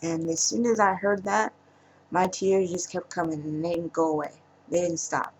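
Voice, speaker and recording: A woman speaking in a personal vlog monologue, halting and emotional, trailing off with pauses. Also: lowish voice, fairly even intonation, slightly rough, rough recording. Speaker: vlogger.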